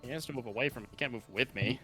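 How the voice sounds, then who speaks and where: A man's voice: medium pitch, rapid-fire, bright, forceful tone, faint music behind. Blunt swearing man at the game table. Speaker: player. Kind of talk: casual game chat.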